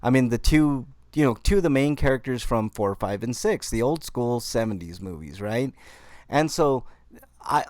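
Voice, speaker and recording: A man hosting a podcast, telling a story with animated mock outrage. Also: medium pitch, normal speed, no echo. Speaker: podcast host. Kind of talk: casual chat.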